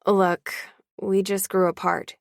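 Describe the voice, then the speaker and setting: A woman's voice: medium pitch, little pitch movement, slow pace, creaky, dry recording, clean studio sound. A woman voicing a guarded, sarcastic teenage girl in an audiobook. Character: teenage girl, wary and sarcastic best friend.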